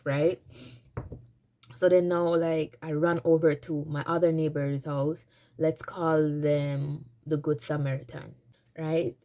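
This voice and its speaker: A woman tells a storytime on her vlog in a casual, dramatic way. She rambles and restarts her sentences, and her voice sits low. Her tone is mellow and soft-edged. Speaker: vlogger.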